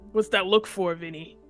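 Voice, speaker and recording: A woman playing a tabletop game, speaking playfully and laughing often. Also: mid-range voice. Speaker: player.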